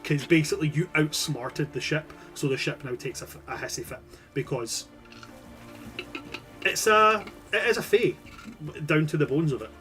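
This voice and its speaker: A man's voice: fairly high pitch, normal speed, bright, forceful tone, soft background music. A man narrating as game master in a loose, rambling way, with casual swearing.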